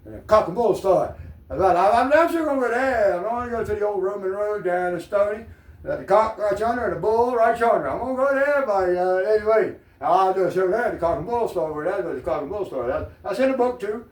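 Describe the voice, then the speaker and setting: A man's voice: sits high, fast. A man with a Southern American accent, talking in a rambling, profane, digressive monologue to the camera. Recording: echoey room, mic at a distance.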